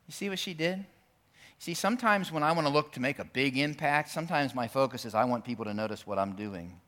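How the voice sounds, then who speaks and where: A man preaching a sermon in a church, swinging between loud, emphatic peaks and quiet, intense stretches. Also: fairly high pitch, brisk. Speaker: pastor.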